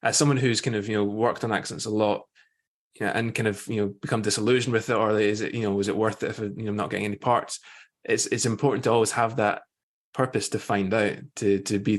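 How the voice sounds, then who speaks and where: A man's voice: lowish voice, little pitch movement, brisk. A man hosting a podcast, musing thoughtfully with frequent hesitations and fillers. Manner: reflective, hesitant, many fillers. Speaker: podcast host. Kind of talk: casual interview chat.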